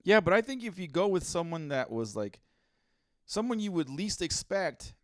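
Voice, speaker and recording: A man's voice: high voice, animated, normal speed, no room sound. Man, podcast co-host, dry close sound, blunt profane riffing, lots of fillers. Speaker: podcast co-host reading listener posts. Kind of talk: casual comedic chat.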